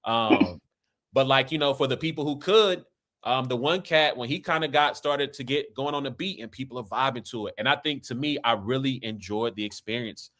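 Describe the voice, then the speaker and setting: A man's voice: medium pitch, normal speed, a bit bright. A man from Kansas City with an American accent, hosting a casual talk in a loose, rambling way and tagging his points with "right?" and "man.". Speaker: podcast host. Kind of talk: casual conversation.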